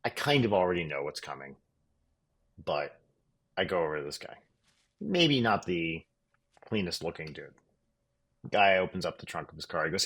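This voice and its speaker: A man with a very low, deep voice tells a tour story on a podcast. His delivery is dry and wry, with casual swearing tossed in. It sounds like relaxed, unscripted chat between co-hosts. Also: moderate pace, long pauses, slightly rough. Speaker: podcast co-host.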